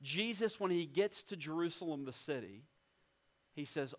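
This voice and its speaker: A high-voiced man preaching a sermon as a pastor. He is emphatic and earnest, slowing right down and sinking to a near hush to let weighty lines land. His delivery is deliberate and built around repeated phrases. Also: animated. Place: church in West Virginia.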